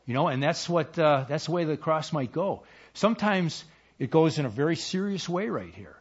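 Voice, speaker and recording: A middle-aged male pastor delivers a casual, conversational sermon in a fairly high, husky voice. He leans on fillers and slips into quoted dialogue as he talks. The recording sounds a little dull and muffled. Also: lively intonation, normal speed.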